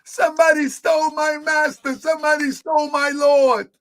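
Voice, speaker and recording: A man voicing a grieving woman who cries out loudly in search of her lost master. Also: extremely high pitch, level tone, moderate pace, voice pushed up. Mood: distraught. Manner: crying out, loud and urgent.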